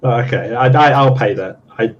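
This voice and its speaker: A man's voice: mid-range voice, moderate pace. A man on a panel in a casual skeptic debate, talking emphatically and restarting his sentences as he argues. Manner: emphatic, argumentative, repeats words while restarting. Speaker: panelist on a skeptic discussion show. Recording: dull lo-fi audio with faint hiss.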